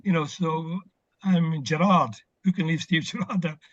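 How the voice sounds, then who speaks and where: With a slightly high, steady voice at normal speed, an older man who once played football reminisces on a casual video call, telling warm stories full of fillers. The audio is dull and lacks room sound.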